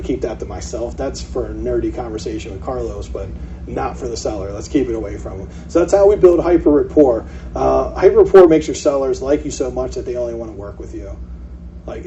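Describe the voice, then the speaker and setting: A man giving a casual seminar talk to a meetup, acting out what sellers say. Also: mid-range voice. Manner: animated, acts out quoted sellers. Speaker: meetup presenter. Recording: distant mic, dull lo-fi sound, faint hiss.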